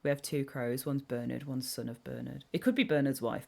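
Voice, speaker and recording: A young woman streaming live, chatting casually and excitably on tangents while reading chat aloud. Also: very deep voice, vocal fry. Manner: excitable, rambling, quick tangents. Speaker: game streamer.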